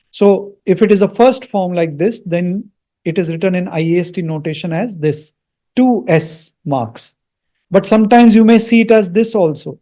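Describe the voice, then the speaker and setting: A man's voice: high-pitched, mellow. A man teaching the pronunciation and meaning of Sanskrit mantras, patiently repeating words and checking in with "Hmm?". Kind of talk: explaining and pronouncing mantras.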